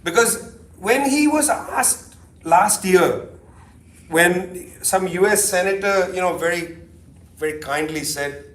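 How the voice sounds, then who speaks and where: A man's voice: sits high, takes it slowly, slight background noise. A middle-aged man giving a keynote talk in a loose, sardonic, conversational way, full of asides. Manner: animated, sardonic, peppered with asides. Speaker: keynote speaker. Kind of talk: conversational lecture. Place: lecture hall. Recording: echoey hall, distant mic.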